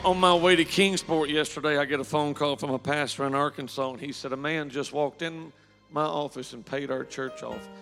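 A pastor preaches in a church, his voice a little high and rough with gravel. He tells his stories with feeling and climbs into fervent praise. Soft music sits beneath him as his words ring out through a long, echoing hall. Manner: storytelling, emotional, rising to fervent praise. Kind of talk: sermon. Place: church sanctuary.

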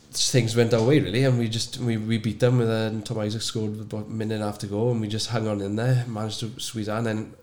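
A man with a low voice that stays flat and even, working back through a memory with plenty of ums and restarts. He lifts a little at the high points but mostly keeps to a steady, unhurried recollection. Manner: rambling, hesitant recall with many fillers, brightening at high points. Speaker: guest, former sevens player. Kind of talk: casual interview recollection.

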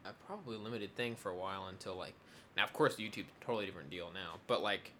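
Bright-voiced young man chatting. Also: low voice, quick pace, a little hiss or hum. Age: young adult. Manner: rambling, many fillers and restarts. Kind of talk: casual chat.

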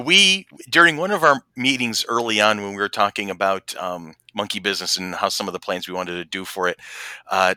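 A man in his forties co-hosting a podcast, chatting in an animated, laughing way and wandering off on tangents. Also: on the low side, clear, resonant tone, no echo. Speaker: podcast co-host. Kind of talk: casual chat.

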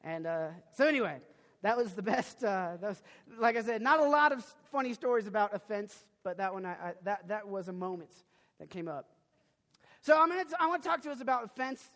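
High-voiced young man preaching in a hall. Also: fairly quick. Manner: animated, with sudden loud bursts and many restarts. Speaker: pastor. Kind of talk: sermon with personal storytelling. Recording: long reverb of a large hall.

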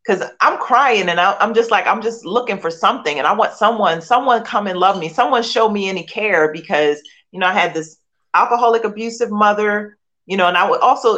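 A woman's voice: mid-range voice, fairly bright tone, dull audio. A middle-aged woman from Philadelphia sharing her faith testimony as a guest, emotional and repetitive, firing off rhetorical questions. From Philadelphia, USA. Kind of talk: candid personal testimony.

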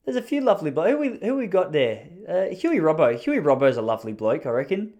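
A man's voice: fairly high pitch, big pitch swings, fast, a little mellow. An Australian man hosting a podcast, telling meandering, self-mocking jokes in casual comedic chat. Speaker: podcast host.

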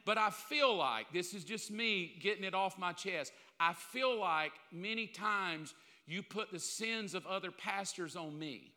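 A man's voice: high voice, measured pace, pushed and bright. A man in his fifties, a pastor preaching a candid, joking sermon and acting out little scenes. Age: 50s. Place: large church hall. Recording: long hall reverb.

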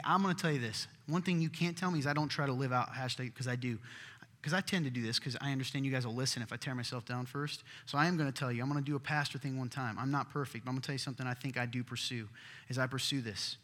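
A man preaching a sermon as pastor, earnest and emphatic, sometimes dropping to a hush. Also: medium pitch, fast talker. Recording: hall reverb.

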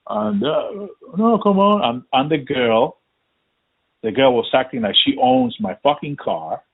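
A man with a husky voice tells a story in casual chat, cursing freely and playing out the lines of the people in it. The sound is thin and tinny, like a phone line. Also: medium pitch, unhurried. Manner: profane, animated, acts out quotes.

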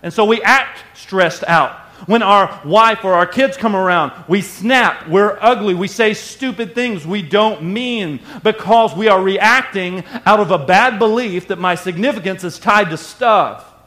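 High-voiced preaching man. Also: unhurried, pushed and bright. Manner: conversational preaching, acts out everyday voices. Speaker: pastor. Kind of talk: sermon.

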